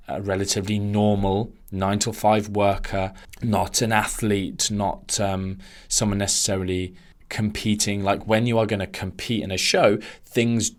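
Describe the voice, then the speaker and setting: Male podcast host, fairly low voice, casual animated rant full of asides. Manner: ranting, animated, swerving into tangents. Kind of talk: casual solo podcast monologue.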